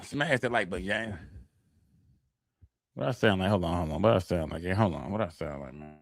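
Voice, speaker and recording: A man's voice: low voice, lively intonation, normal speed, creaky, no echo. A man commenting casually on a live stream in loose, profane street slang, repeating himself and addressing his chat. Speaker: streamer reacting to court footage.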